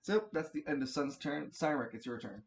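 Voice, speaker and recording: A man's voice: fairly high pitch, expressive, brisk, vocal fry, slight background noise. A man running a tabletop game as game master, narrating turns casually, swearing freely and often restarting his sentences.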